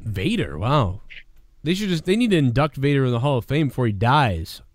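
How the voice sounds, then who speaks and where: A man's voice: mid-range voice, very animated, fairly quick, no echo. A man hosting a live call-in review show, chatting casually and rambling through stories with lots of swearing. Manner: rambling, profane, storytelling.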